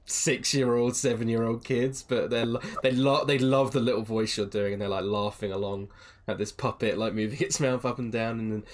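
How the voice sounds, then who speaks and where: A man's voice: mid-range voice, fairly even intonation, moderate pace, hardly any pauses. A man narrating as game master in a rambling way, full of fillers. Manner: rambling, filler-heavy, laughing.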